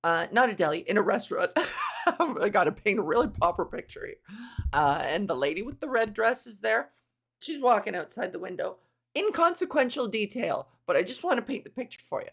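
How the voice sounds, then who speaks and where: A woman's voice: mid-range voice, sing-song, brisk, creaky, fairly bright tone, breathy edge. A woman comedian hosting her podcast, riffing in a rambling, profane, self-interrupting monologue.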